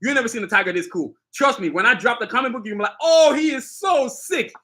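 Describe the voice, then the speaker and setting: A man's voice: high voice, rapid-fire, pushed and bright. A middle-aged man hosting a casual live stream, talking up his own sneaker line with boastful street slang and constant direct talk to viewers. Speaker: sneaker designer and channel host.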